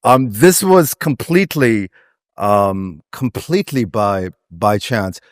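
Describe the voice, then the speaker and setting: A man's voice: on the low side, expressive, slow, no echo, clean studio sound. A man with a Pakistani accent talking reflectively as an interview guest, meandering with many restarts and fillers. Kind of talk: conversational interview.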